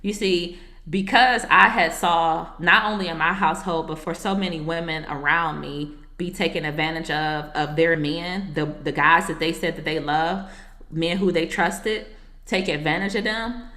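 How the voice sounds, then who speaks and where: In an echoey room, a marriage coach and author appears as a podcast guest and recounts her story. Her voice is low but carries a bright, forceful edge, and her tone stays steady at a normal speed. She speaks earnestly and reflectively, slipping in casual remarks to the host.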